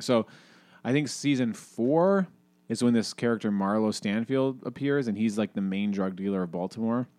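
A man talks in a loose, rambling way, his voice sitting low. He restarts sentences and leans on fillers as he chats with a co-host. The sound is close and dry. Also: darkish tone, no echo. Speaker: podcast co-host. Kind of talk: casual conversation, reading aloud from a book.

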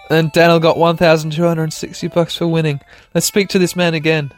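A man's voice: on the high side, level tone, moderate pace, creaky, hardly any pauses, soft background music. A man hosting a podcast while playing a video game, chatty and self-mocking, talking straight to his listeners and laughing often. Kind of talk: casual let's-play commentary.

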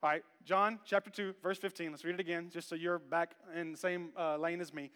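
A man in his thirties preaching an animated sermon as a pastor, playful, moving from quiet talk into shouting. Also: fairly high pitch, brisk, hardly any pauses, clean tone. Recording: long church hall reverb.

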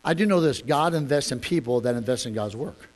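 A man preaching a sermon as a pastor, telling a story with animated rhetorical questions. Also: medium pitch, fairly quick. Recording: long echoey hall reverb.

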